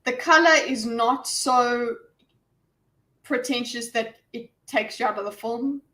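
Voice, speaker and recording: A woman leading a casual group chat about films, with a slightly higher voice. She is animated and bursts into mock quotes to make her point. She comes through a video call. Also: takes it slowly. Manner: animated, acts out quoted lines. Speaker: discussion host. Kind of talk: casual online group discussion.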